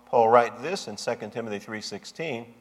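A man's voice: medium pitch, moderate pace. A man preaching a sermon as pastor, with an emphatic, repetitive cadence. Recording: long hall reverb.

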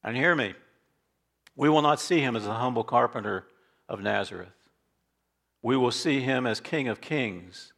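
A man preaching a sermon as pastor, reading scripture aloud and swinging between loud declarations and quiet asides. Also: mid-range voice, measured pace. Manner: reads scripture aloud with emphasis.

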